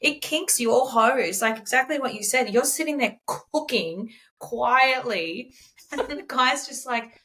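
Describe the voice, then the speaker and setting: A woman's voice: on the high side, measured pace. A woman, a podcast guest who coaches teachers, telling stories frankly and acting out quotes. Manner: frank, animated storytelling, acts out quotes. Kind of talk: casual conversation.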